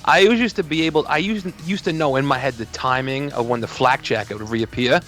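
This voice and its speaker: A man with a mid-pitched voice who jokes crudely while recounting an old story on a casual podcast. Soft music plays faintly behind him. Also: fast talker.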